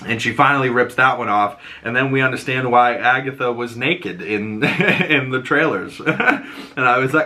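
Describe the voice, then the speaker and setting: A man hosting a casual episode recap, animated and acting out character lines in put-on voices. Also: mid-range voice, normal speed.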